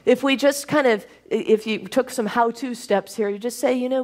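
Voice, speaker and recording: A woman's voice: on the high side, expressive, normal speed, hardly any pauses. Woman minister preaching a sermon. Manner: warm, laughing, conversational preaching.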